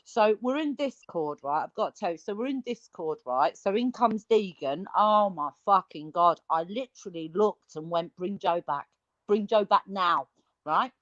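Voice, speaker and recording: British woman co-host, animated sweary storyteller, dry and dull lo-fi sound. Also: mid-range voice, normal speed, few pauses, no room sound. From Britain. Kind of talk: casual chat.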